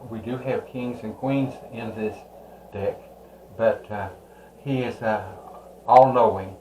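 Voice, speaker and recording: A man giving a slow, rambling tarot card reading, pausing often with "uh". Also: fairly low pitch, fairly even intonation, warm tone, roomy sound, a little hiss or hum, low-quality recording. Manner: slow, rambling, with many "uh" pauses. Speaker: tarot reader.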